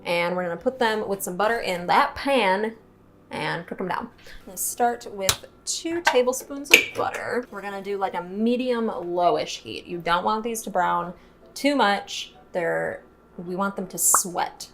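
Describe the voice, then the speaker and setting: In a kitchen, a young woman hosts a home cooking tutorial, chatty, playful, and self-mocking, often laughing at her own slips. She speaks at medium pitch and a little slowly, with faint music behind her.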